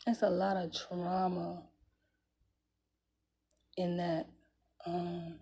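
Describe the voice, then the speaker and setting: A woman's voice: fairly low pitch, level tone, drawn-out words, dark tone, breathy edge. A woman, telling a personal story in a candid, conversational way, swearing freely and chuckling between phrases. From Jacksonville, Florida, US. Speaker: vlogger.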